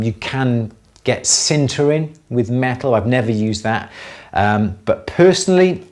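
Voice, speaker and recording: A middle-aged man hosting a live jewellery Q&A, explaining techniques step by step in a relaxed way, with many fillers and restarts. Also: mid-range voice. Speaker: jewellery maker answering viewer questions. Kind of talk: live Q&A demonstration.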